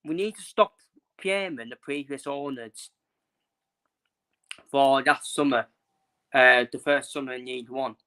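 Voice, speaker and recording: Frustrated young man ranting, bright voice. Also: mid-range voice, a little slow, pauses often, clean tone. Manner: frustrated, repetitive, blunt with swearing. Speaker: football fan vlogger. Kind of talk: casual opinion rant.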